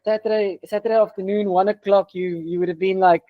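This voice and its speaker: A man runs a casual interview, relaxed and hesitant, with frequent fillers and restarts. His voice sits slightly high. The sound is dry and muffled, like a lo-fi call. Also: a little fast, dry recording. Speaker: race organizer interviewing runners. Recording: dull lo-fi sound.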